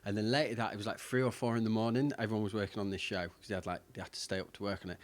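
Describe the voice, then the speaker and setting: A man with a very deep voice talks loosely on a radio show. His sentences wander and restart as he explains his work. He is a poet reading his own writing. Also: steady tone, rapid-fire. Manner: rambling, lots of "like" and restarts. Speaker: poet and guest. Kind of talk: casual radio chat and poetry reading.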